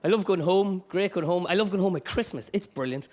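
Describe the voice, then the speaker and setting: A man from Dundalk with an Irish accent doing a stand-up routine, animated and sweary, with shouty bursts, recorded live in a club. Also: sits high, a little fast. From Dundalk, Ireland. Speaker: stand-up comedian.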